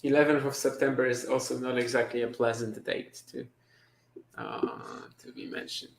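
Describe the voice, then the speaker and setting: A man's voice: mid-range voice, fairly even intonation, normal speed, creaky. Non-native guy co-hosting, kinda hesitant, roomy echo. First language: not English. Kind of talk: casual live watchalong chat. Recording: echoey room.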